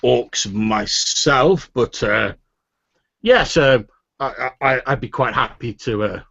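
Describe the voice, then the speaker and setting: A man voicing a loud, boastful bearded tavern owner who talks in a tipsy, blustering way. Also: medium pitch, slow, vocal fry, husky, full character voice. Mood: flustered. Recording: dull lo-fi recording.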